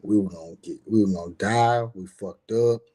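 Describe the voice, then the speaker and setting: Warm and husky, his fairly low voice runs at a normal speed. He's a middle-aged live-stream guest sharing a personal story with casual emphasis and a lot of swearing, often breaking off to talk directly to those watching.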